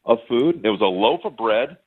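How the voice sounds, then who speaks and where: A man guest on a sports interview, telling warm anecdotes with plenty of fillers and restarts. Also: mid-range voice, expressive, moderate pace, breathy edge. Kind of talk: phone interview, reminiscing. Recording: tinny phone line.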